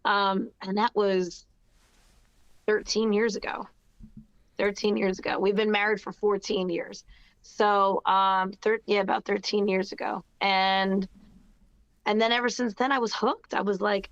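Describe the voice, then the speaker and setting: A woman's voice: mid-range voice, flat delivery, unhurried, fairly bright tone, clear, resonant tone, no room sound. A woman with a New Jersey accent chats through her story, upbeat and full of fillers and restarts. Her voice sits in a middle range, recorded dry and a little dull, with no room sound around her. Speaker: guest singer-songwriter. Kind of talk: casual interview chat.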